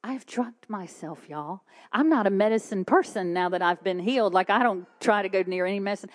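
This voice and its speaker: A woman, preaching her testimony in a dramatic storytelling way that often drops to hushed whispers. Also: medium pitch, brisk, few pauses.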